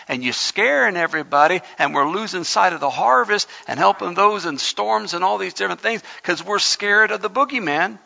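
A man preaching a sermon to his church, talking it through casually and then pressing his points hard. His voice is gravelly and bright, a little higher than most men's. The sound is muffled and carries a long hall reverb. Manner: conversational, rising to impassioned. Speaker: pastor.

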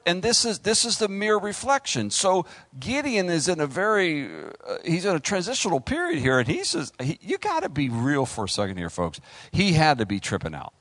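A middle-aged male pastor preaching a sermon, animated, acting out voices and talking straight to the congregation. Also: fairly high pitch, no room sound.

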